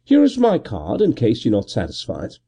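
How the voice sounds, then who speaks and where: A man voicing a suave, cheerful wealthy gentleman who speaks in a hearty, airy tone. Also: medium pitch, wildly swooping pitch, normal speed, breathy edge, exaggerated voice.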